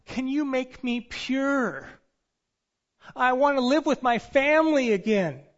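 A man's voice: very high voice, sing-song, takes it slowly, darkish tone, dull audio, voice pushed up, full character voice. A man acting out a desperate leper who begs to be made clean, in a sermon. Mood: pleading. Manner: desperate, beseeching.

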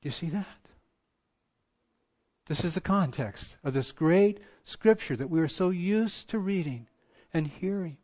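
A man preaching a sermon as pastor, full of passion and rhetorical questions, his voice swinging from loud to hushed. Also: high voice, expressive, measured pace, pauses often, lo-fi sound.

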